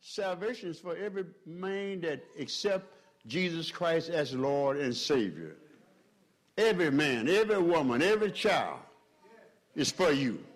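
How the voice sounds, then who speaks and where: Male pastor, fiery sermon delivery, swings between loud peaks and quiet stretches, slightly higher voice. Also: very animated, unhurried. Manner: preaching with swells in pitch and volume, calls to the congregation.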